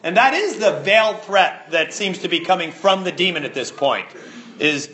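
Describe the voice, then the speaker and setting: A man preaching with a high, lively voice that swings up and down in pitch. His tone is bright and ringing, and he stresses points by repeating words. The sound carries a roomy echo. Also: normal speed. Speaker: pastor. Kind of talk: sermon.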